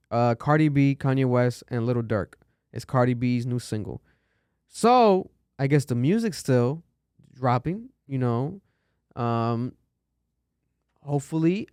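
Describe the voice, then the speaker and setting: A man's voice: medium pitch, a little mellow, clear, resonant tone, dry recording, studio quality. A man hosting a podcast, talking casually and loosely with lots of fillers and cursing. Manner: loose and chatty, curses often, many fillers. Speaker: podcast host.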